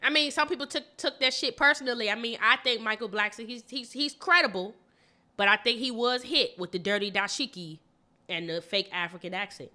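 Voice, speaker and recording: A woman co-hosting a podcast in casual chat, blunt and animated, swearing freely. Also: on the high side, a little fast. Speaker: podcast co-host.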